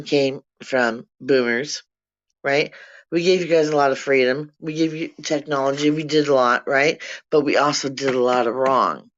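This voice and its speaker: Older vlogger, profane rambling rant, mid-pitched, lo-fi apartment recording. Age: 60s. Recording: dull lo-fi sound.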